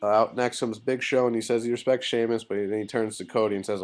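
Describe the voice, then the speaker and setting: A man's voice: lowish voice, fairly even intonation, quick pace. A man giving a casual video review of a wrestling show, loose and rambling with many fillers and blunt, swearing opinions. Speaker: wrestling vlogger.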